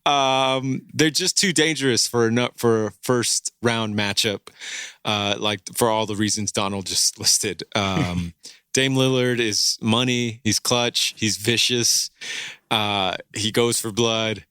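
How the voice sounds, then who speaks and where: Male podcast co-host, forceful bright voice, emphatic casual sports talk. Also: on the low side, slow, clear, resonant tone, no room sound, studio quality.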